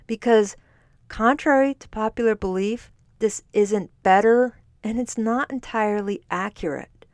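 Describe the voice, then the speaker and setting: A woman who coaches fitness and nutrition hosts a solo podcast in a mid-range voice, explaining things conversationally and correcting herself along the way. She records standing up, with studio-quality sound and no room noise.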